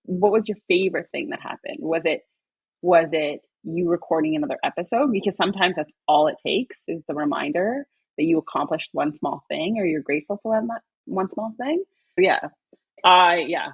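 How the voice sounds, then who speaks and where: A woman hosting a podcast in casual conversation, excitable and acting out her own past words as she tells stories. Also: lowish voice, normal speed, slightly rough, dry recording, lo-fi sound. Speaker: podcast host.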